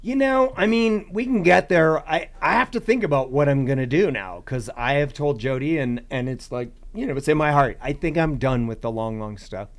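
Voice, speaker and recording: A man's voice: fairly high pitch, moderate pace, few pauses. A man chatting as a podcast guest about long-distance hiking, rambling with restarts and "you know". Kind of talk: casual podcast chat.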